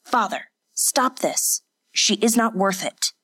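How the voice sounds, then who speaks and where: A woman's voice: mid-range voice, lively intonation, takes it slowly, fairly bright tone, husky, full character voice. A woman voicing a young man pleading with his drunken father in an audiobook.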